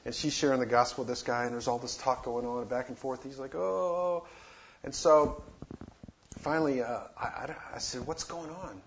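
A man telling a personal missionary story in a casual, halting way, with many fillers and restarts. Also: mid-range voice, fairly even intonation. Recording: dull lo-fi recording with faint noise.

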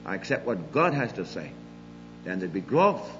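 An older man preaching a sermon, emphatic, moving between loud declarations and quiet asides. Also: low voice, sing-song, normal speed, long reverb tail, highs cut off, music in the background.

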